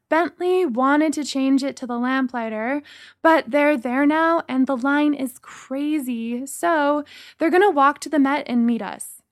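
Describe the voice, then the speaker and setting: A young woman telling a first-person story, her voice high and full of swoops, taken at an unhurried pace. Soft music runs underneath. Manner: expressive, animated. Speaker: narrator.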